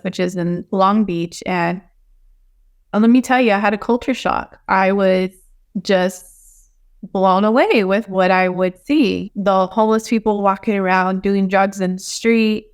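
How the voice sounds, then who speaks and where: Easygoing woman from Texas, smooth voice. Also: medium pitch. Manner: easygoing, laughs often. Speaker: podcast guest. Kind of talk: casual chat.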